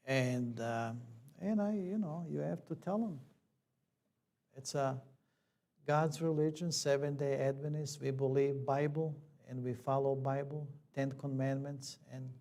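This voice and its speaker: Slow gravelly elder telling a story. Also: male voice, on the high side, dark tone. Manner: plain conversational storytelling, with quoted dialogue. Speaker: church elder. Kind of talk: storytelling sermon.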